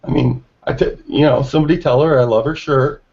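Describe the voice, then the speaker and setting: A man who is losing his voice, talking in a halting way with many fillers and restarts in a casual online group discussion. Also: medium pitch, steady tone, gravelly, a little mellow. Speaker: regular hangout participant. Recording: dull lo-fi call audio.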